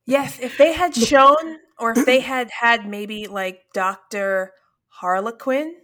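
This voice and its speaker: A woman's voice: a little high, takes it slowly, sharp tone. A woman co-hosting a podcast, chatting casually about a movie in a teasing, playful way.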